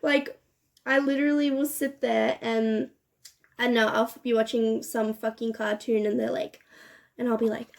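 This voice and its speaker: A woman's voice: a little high, moderate pace, creaky. A young woman chatting casually while doing her makeup, laughing and swearing often. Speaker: beauty vlogger. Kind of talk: get-ready-with-me chat.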